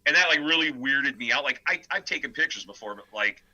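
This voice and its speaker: A death metal vocalist and guitarist from the American Midwest appears as a podcast guest in a casual storytelling interview, telling animated, rambling stories full of filler words. His mid-range voice moves at a quick pace, and the recording is muffled.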